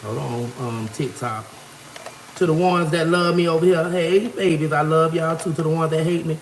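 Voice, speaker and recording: A woman's voice: low-pitched, normal speed, roomy sound, long reverb tail, a little hiss or hum. A woman chatting preachily and boastfully to livestream viewers as she cooks at home, calling them baby and honey, talking into a propped-up phone. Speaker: livestream vlogger. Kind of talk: casual preachy livestream chat while cooking. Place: home kitchen. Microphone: phone propped nearby.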